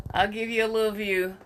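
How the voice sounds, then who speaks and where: A woman's voice: fairly low pitch, bright, forceful tone, a little hiss or hum. A woman hosting a casual live stream from her doll room at home, chatting and greeting viewers by name, a little out of breath. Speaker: host of a weekly live stream about dolls. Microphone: phone live stream.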